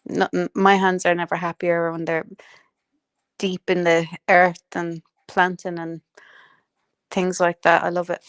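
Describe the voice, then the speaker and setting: A woman's voice: lowish voice, level tone, unhurried, pauses often, clean tone, no echo. Chatty sweary woman hosting a livestream. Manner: chatty, sweary, laughs often, greets viewers by name. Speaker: livestream host. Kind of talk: casual chat.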